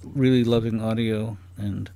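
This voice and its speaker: A man's voice: lowish voice, fairly even intonation, unhurried, gravelly, warm tone. A man chatting as a guest on a comedy podcast, rambling and curious, firing off playful questions. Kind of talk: casual podcast chat.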